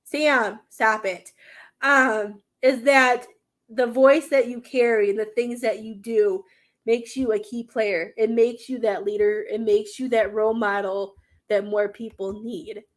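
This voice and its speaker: Higher-pitched young woman doing live tarot readings, earnest and meandering, near tears at times. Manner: earnest, rambling, emotional, many fillers. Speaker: tarot card reader.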